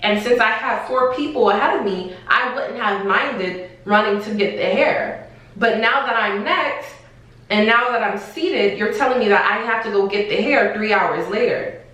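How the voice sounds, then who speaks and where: A young woman tells a story in a casual vlog. She speaks in an animated, exasperated way, with slang and the odd curse word. Her voice sits a little high, and the sound bounces around a very echoey room. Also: moderate pace. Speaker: vlogger. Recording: echoey room, far from the mic.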